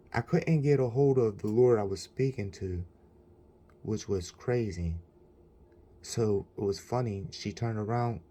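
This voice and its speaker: A man's voice: on the low side, mellow. A man telling an indignant, rambling story about a bad experience, in a casual vlog. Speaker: vlogger.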